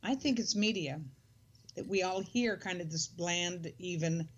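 A woman's voice: on the low side, measured pace. An older woman in casual conversation, reflective and easygoing. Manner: reflective, with soft laughs. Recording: dull muffled sound.

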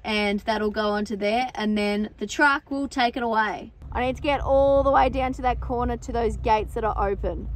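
Speaking at a normal speed with hardly a pause, a young Australian woman with a fairly high voice chats wryly outdoors on her farm. Occasionally she loses patience and calls to the sheep. The recording is rough.

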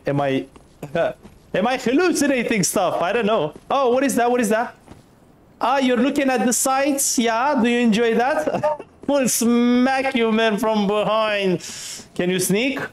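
A man commentating his first play of a game, excitable, laughing often and swearing casually at enemies. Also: a little high. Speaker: gaming streamer.

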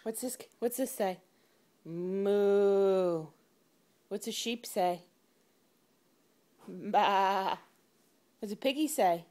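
A woman's voice: fairly high pitch, moderate pace, few pauses, dark tone. A woman reading a picture book to her toddler at home, in a playful sing-song baby talk full of animal noises. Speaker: parent.

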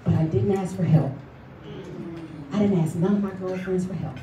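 A woman giving a lively motivational speech at a luncheon, telling her story and calling for responses from the audience. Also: lowish voice, normal speed, a little hiss or hum. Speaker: motivational speaker. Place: event hall at a luncheon. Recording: echoey hall recorded from far off.

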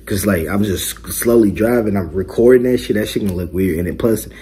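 Joking young man with a low, mellow voice. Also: a little fast, slight background noise. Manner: joking, boastful, loose street slang. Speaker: mukbang vlogger. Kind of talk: casual slangy vlog chat. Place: his bedroom lit with colored LED lights.

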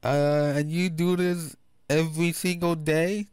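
A man's voice: on the high side, flat delivery, a little slow, clear, resonant tone, dry recording, studio quality, lightly acted. A man reading aloud the lines of a cheerful, curious goddess woman from a rhythm game, in near his own voice. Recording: loud game music behind.

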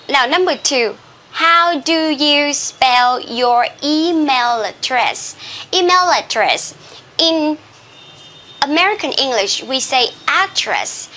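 Slow, bright-voiced woman teaching English. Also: high voice. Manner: slow, spelling out letters one by one. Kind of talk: classroom lesson. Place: classroom with a board.

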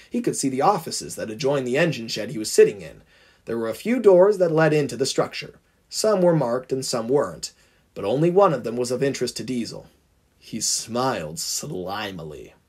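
Husky, expressive male storyteller. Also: mid-range voice. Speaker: narrator. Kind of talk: storybook fan audiobook narration.

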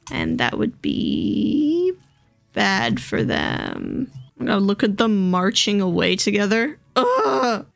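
Excitable woman streamer, slow delivery with some fry; dry close mic, soft game music underneath. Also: a little high, no room sound. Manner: gushing, excitable, gasps and squeals. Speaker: gaming video host. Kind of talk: casual gameplay commentary. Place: home room.

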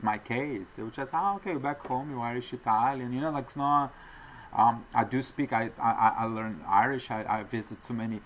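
A man from Argentina, a traveling salesman, telling stories in a casual interview with halting, rambling speech full of restarts. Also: mid-range voice, a little hiss or hum. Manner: acts out quoted voices.

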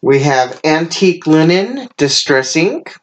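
A woman's voice: deep voice, very animated, measured pace, background noise. A woman unboxing a craft mail package and chatting casually, gushing with frequent exclamations and laughs, sounding tired. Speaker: craft channel host.

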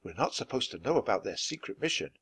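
A man voicing a nervous, cautious young boy in a storybook read-aloud, speaking in an anxious hush. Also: lowish voice, very animated, fast, breathy edge, no echo, exaggerated voice. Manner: anxious, hushed.

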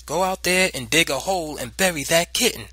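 A man's voice: fairly high pitch, normal speed, no echo, pitched above the performer's own voice. A man voicing a stern mother who scolds and taunts her young son in a dry, close recording. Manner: sharp, commanding, taunting.

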